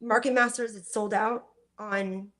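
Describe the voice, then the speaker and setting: A woman hosting a live call, who thanks her guest and moves briskly on to the next topic. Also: medium pitch, steady tone, a bit bright. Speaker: host.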